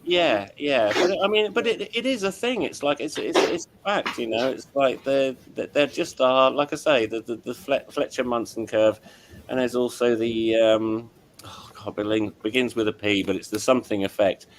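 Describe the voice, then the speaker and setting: A man's voice: medium pitch, normal speed, slight background noise. A middle-aged man, hosting a casual chat as an audio engineer, rambling and apologetic with many restarts. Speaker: show host and audio engineer.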